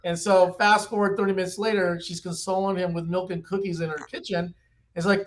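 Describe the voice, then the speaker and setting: A man's voice: a little fast, a little hiss or hum. A man in his fifties, a company executive, talking animatedly as a podcast guest. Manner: animated storyteller, pitchy. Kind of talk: podcast interview.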